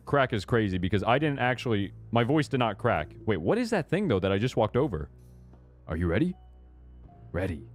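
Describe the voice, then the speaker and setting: A man's voice: medium pitch, darkish tone. A man streaming a game, chatting casually with a joking, self-deprecating manner. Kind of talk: casual gaming stream commentary.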